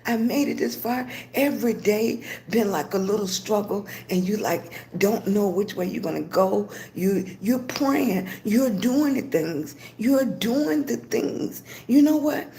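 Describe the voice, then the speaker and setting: A woman's voice: mid-range voice, expressive, a little slow, hardly any pauses, mellow, a little hiss or hum. An older woman from Virginia hosting a casual livestream, greeting viewers by name and giving motivational talk. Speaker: livestream host.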